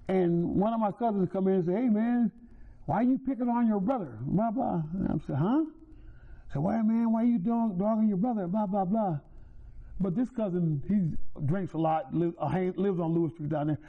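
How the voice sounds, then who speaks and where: Man giving a heartfelt testimony, high voice. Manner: emotional storytelling, repeats and restarts. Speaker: church member giving testimony. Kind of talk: personal testimony. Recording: tinny phone-like sound.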